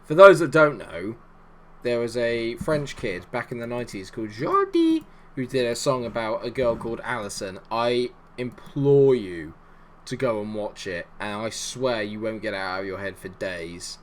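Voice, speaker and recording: Speaking at an ordinary speed and medium pitch, the man provides jokey, excitable play-by-play of a match he's playing himself for his YouTube gaming channel. Whenever his side scores, he bursts into shouts.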